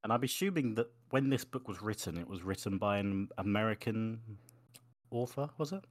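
A man's voice: lowish voice, expressive, normal speed. A man co-hosting a podcast, chatting casually in an awkward, hesitant, stalling way from a room in a house. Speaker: podcast co-host. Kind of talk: casual chat.

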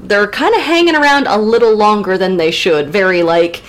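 A woman's voice: mid-range voice, normal speed. A woman co-hosting a casual literature podcast, recapping the plot with playful, jokey asides. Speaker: podcast co-host.

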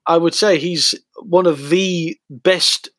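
A man chatting casually on a podcast, telling animated stories. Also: on the high side, slow, dry recording, studio quality. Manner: animated storyteller who acts out quoted voices. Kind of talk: casual chat.

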